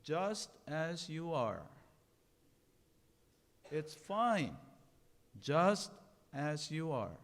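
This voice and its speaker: A man voicing a gentle, wise old male scops owl who speaks in a firm yet soothing way. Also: a little high, very animated, very slow, pauses often, exaggerated voice. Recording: long hall reverb.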